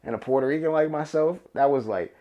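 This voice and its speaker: A man's voice: a little high, quick pace, muffled recording. A young man with a New York accent, hosting a solo podcast in a loose, rambling, profane, emphatic way. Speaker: podcast host. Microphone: camera and podcast mic.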